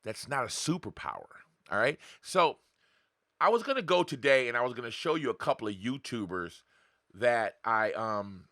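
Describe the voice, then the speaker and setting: Brief: casual male podcast host, blunt and profane, bright forceful tone, dry close sound. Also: medium pitch, sing-song, normal speed, dry recording. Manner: blunt, profane, talks straight to viewers with rhetorical questions; acts out voices of others in quotes. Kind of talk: casual unscripted monologue.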